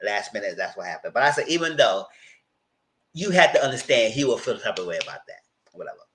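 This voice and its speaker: This low-quality recording, with a bit of hiss or hum, features a man whose fairly low voice moves fast. He gives an informal, talkative rundown and review of a reality TV episode, animatedly reenacting scenes with quoted voices.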